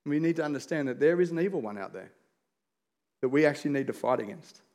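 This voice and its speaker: A pastor, a man in his forties, preaching a sermon in an earnest, storytelling way, dropping softly into prayer. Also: fairly high pitch, lively intonation, fast talker.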